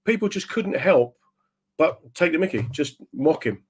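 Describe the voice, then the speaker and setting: A man hosting a casual chat, telling lively anecdotes and breaking into other people's voices. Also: fairly high pitch, moderate pace, slightly rough. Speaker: podcast host.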